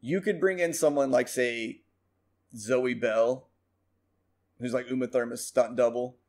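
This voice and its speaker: Male podcast co-host, mid-pitched, rambling and profane, animated storyteller. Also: measured pace. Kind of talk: casual chat.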